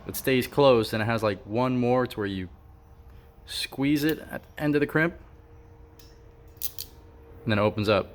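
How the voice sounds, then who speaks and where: A man's voice: medium pitch, moderate pace, pauses often, slight background noise. A man talking casually to camera about his car project, offhand and thinking aloud with a few fillers. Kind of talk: casual workshop vlog.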